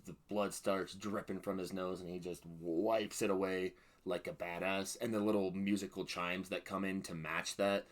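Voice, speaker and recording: A man hosting a reaction and review video, excitable and prone to loud exclamations. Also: deep voice. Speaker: reaction channel host.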